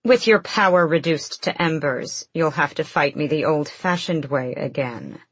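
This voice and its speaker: A woman's voice: low-pitched, unhurried, breathy edge, no echo, heavily acted. A woman reading the lines of a fierce, commanding female witch with a cool, amused, clipped delivery, in an audiobook.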